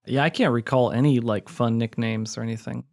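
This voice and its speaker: A man's voice: medium pitch, steady tone, brisk, vocal fry, a little mellow. Easygoing man rambling on a podcast. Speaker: podcast co-host. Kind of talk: casual chat.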